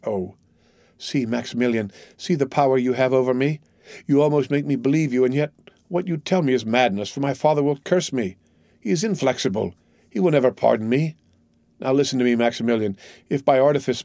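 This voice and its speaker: A man voicing a devout, torn young woman who pleads with her lover, read in an earnest, measured way. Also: mid-range voice, a little mellow, dry recording, studio quality, close to an everyday voice. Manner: earnest, imploring, measured reading. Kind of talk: audiobook character reading.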